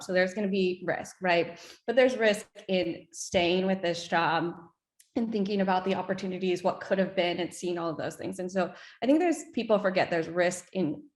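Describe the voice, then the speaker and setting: A woman in her thirties speaks as an interview guest, earnest and reflective, often restarting her sentences. Her voice sits on the low side. The room around her rings with echo. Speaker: whiskey brand co-founder guest. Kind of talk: interview storytelling. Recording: echoey room.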